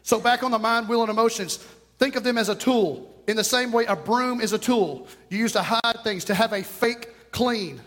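A man preaching a lively, storytelling sermon, out of breath, shouting at moments. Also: extremely high pitch, moderate pace. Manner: storytelling, animated, breaks into shouts and laughs. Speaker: pastor. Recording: long hall reverb.

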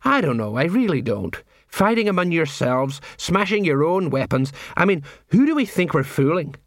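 A man's voice: on the high side, big pitch swings, normal speed, dry recording, studio quality, pitched above the performer's own voice. Man doing a grumbling, put-upon old sergeant. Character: put-upon older male watch sergeant.

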